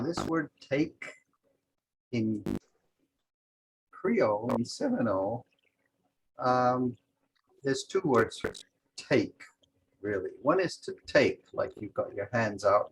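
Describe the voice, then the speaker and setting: Guy teaching a language class on a video call, talks real slow, goes thru examples step by step. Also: medium pitch, vocal fry, a little hiss or hum, low-quality recording. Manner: methodical, explains example sentences step by step. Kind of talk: online language lesson.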